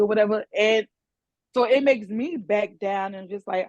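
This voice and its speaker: A woman's voice: medium pitch, normal speed, a little mellow, dry recording, dull audio. A woman in a casual podcast discussion, talking candidly and a little hesitantly about her own relationships. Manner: candid, hesitant, quotes conversations.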